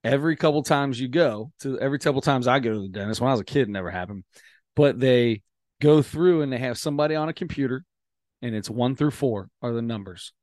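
A man's voice: mid-range voice, quick pace, a little mellow, no room sound, studio quality. A man co-hosting a podcast, telling rambling stories in casual chat and laughing as he goes. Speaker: podcast co-host.

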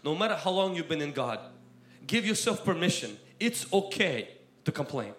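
Male preacher, high-pitched and impassioned, delivering a sermon in a roomy, echoing space. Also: big pitch swings, moderate pace. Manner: impassioned, swings between loud exhortation and quiet asides. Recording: roomy echo.

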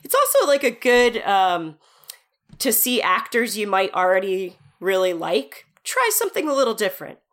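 Easygoing woman co-host, chatty movie talk, quick to laugh. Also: medium pitch. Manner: relaxed, chatty, laughs a lot. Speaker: podcast co-host. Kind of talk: casual movie review chat.

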